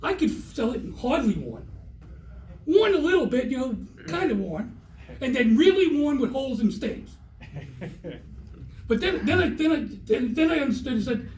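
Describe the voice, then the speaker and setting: A middle-aged man with a very high voice performs a rambling stand-up comedy set on a theater stage. He is recorded from a distance in a roomy space, with faint ambience behind him. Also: very animated, moderate pace, pauses often, a little mellow, slight background noise. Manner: rambling, repetitive storytelling.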